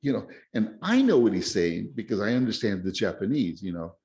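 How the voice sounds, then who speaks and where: A man chatting casually as a podcast host, rambling and excitable with many restarts. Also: on the low side, a little fast. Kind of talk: casual chat. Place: lives in Japan.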